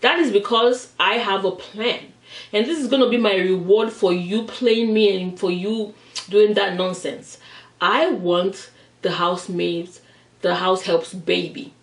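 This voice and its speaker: A woman's voice: medium pitch, measured pace, roomy sound, distant mic, close to an everyday voice. A woman playing a cold, scheming wife. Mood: coldly firm.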